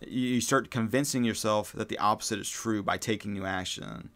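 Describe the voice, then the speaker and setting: A man's voice: lowish voice, fairly quick, a bit bright. A man hosting a spiritual self-help podcast, talking casually and rambling, with many fillers and restarts and the odd swear word. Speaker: podcast host.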